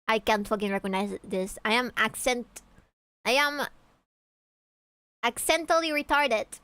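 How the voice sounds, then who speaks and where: A woman's voice: on the high side, expressive, measured pace, pauses often, a bit bright, clear, resonant tone, no echo. A young woman from Peru, streaming a game and joking and teasing with her chat, swearing casually. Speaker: VTuber streamer.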